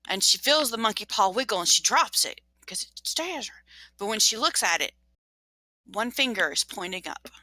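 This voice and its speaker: Woman game master narrating a ghost story; bright, dry, dramatic. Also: a little high, no room sound, low-quality recording. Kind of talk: storytelling in a tabletop game session.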